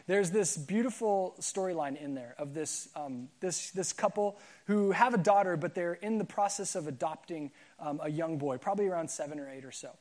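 A man preaching a sermon as pastor, telling a story in a relaxed, conversational way with frequent fillers and restarts. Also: fairly high pitch.

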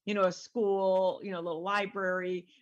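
A woman's voice: medium pitch, flat delivery, normal speed, highs cut off. A middle-aged woman, a guest author, telling her story in a casual interview and animatedly acting out the voices she quotes.

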